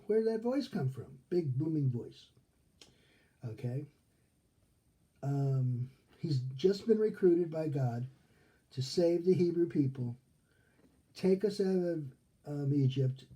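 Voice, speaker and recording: A man's voice: medium pitch, warm tone. A male rabbi giving a casual Torah study lesson, talking conversationally and often checking in with "okay?". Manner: acts out quoted characters in his retelling.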